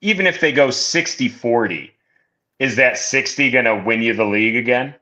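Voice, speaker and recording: A man's voice: mid-range voice, moderate pace. A man appearing as a guest on a podcast, chatting and joking about fantasy football. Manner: animated, joking, laughs often. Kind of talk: casual fantasy football chat.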